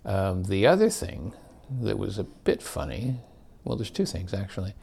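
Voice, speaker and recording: Older man, deep and gravelly, telling childhood stories in a loose, wandering way. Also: sing-song, normal speed, a little mellow. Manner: rambling, self-correcting, chuckling. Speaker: storyteller. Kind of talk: casual reminiscence.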